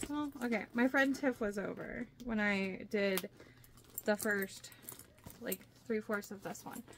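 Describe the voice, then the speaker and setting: A young woman vlogger chatting casually as she shows her handmade bags, with lots of fillers and excitement. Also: a little high, slight background noise. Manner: chatty, filler-heavy, enthusiastic. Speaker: crafting vlogger. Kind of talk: casual show-and-tell vlog.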